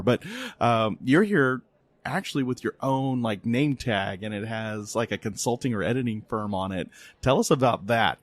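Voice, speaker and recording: A middle-aged man hosting a podcast, telling a family story in an animated, laughing way at a conference. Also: fairly low pitch, dry recording. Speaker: podcast host. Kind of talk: casual interview chat. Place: conference venue.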